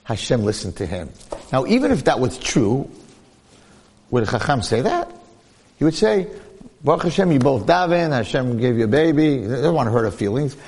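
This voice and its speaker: A man giving a lively Torah class, storytelling and asking rhetorical questions while acting out the people he quotes. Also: medium pitch, a little fast, slightly rough. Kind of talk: animated Torah lecture with storytelling. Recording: long hall reverb.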